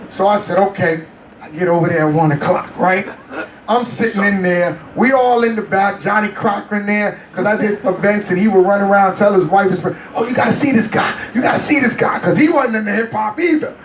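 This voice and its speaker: A man with a high, bright speaking voice tells stories in an interview, animated and quick to act out the people in them. He sounds a little distant from the microphone in an echoey space, with faint ambience underneath. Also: slight background noise. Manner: lively, acts out other people's voices while telling stories. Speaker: interview guest. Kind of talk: animated storytelling. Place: on a cruise ship. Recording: echoey room, mic at a distance.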